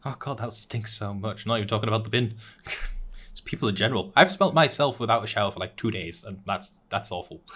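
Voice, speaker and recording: A young man with a fairly low voice chats casually on an anime talk show. He recaps plot points in a loose, rambling way, full of "uh"s and restarts. He often chuckles at his own jokes. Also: brisk, fairly bright tone. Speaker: podcast co-host recapping anime episodes. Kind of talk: casual chat.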